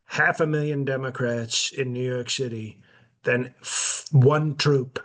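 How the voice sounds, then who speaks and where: A man playing a brash, boastful elderly president on a comedy podcast, rambling deadpan with constant self-interruptions. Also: mid-range voice, takes it slowly. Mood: smug. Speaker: podcast host in character.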